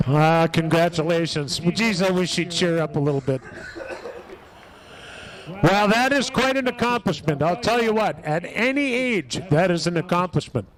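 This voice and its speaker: A man's voice: sits high, expressive, normal speed, poor audio. A man announcing a race live, chatty and full of praise for the winner.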